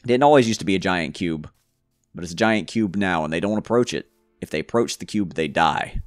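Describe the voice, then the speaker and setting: A man's voice: deep voice, lively intonation, brisk, no echo, studio quality, faint music behind. A man giving casual gameplay commentary, rambling and joking to himself with frequent stumbles. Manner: rambling, jokey self-talk with stumbles. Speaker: gamer.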